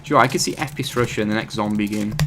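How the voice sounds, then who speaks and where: A man's voice: fairly low pitch, racing, a bit bright, slight background noise. A man hosting his gaming channel, giving rambling, chatty live commentary over his gameplay and often correcting himself.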